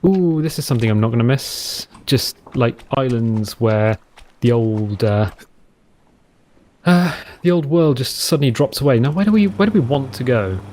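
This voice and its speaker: A man's voice: medium pitch, animated, moderate pace, darkish tone, a little hiss or hum. A British man casually commentating a survival game, rambling and playful, now and then slipping into mock pirate talk. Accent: English. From Britain. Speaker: gameplay commentator. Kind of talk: casual let's-play commentary. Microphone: headset.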